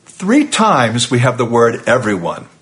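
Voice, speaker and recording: A man's voice: medium pitch, wildly swooping pitch, unhurried, a bit bright. Earnest man preaching a recorded sermon. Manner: earnest, emphatic, conversational with fillers.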